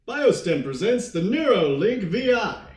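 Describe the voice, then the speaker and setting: A man's voice: sing-song, a little slow, a little mellow, roomy sound. A man putting on a slick corporate ad announcer. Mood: hyped. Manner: hyped sales pitch.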